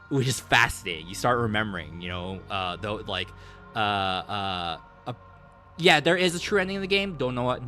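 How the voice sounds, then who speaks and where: A young man streamer recapping a game in a casual, rambling, excitable way, swearing and saying "like" a lot. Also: mid-range voice.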